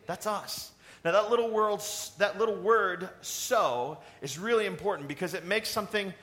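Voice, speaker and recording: A man preaching a sermon in a conversational, animated way, asking the congregation questions. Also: high-pitched, fairly quick. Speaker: pastor.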